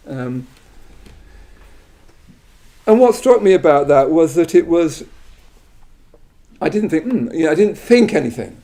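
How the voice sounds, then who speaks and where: Middle-aged man, from England, reflective dharma talk, gravelly low register, warm dark tone, halting with restarts. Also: expressive. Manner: halting, many restarts and soft trailing asides. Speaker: Buddhist teacher giving a talk.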